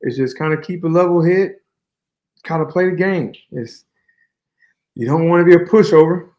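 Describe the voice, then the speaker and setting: A man's voice: a little high, moderate pace, highs cut off. Easygoing man telling long stories. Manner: relaxed, colloquial, long flowing stories. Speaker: guest fighter. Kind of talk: casual interview talk.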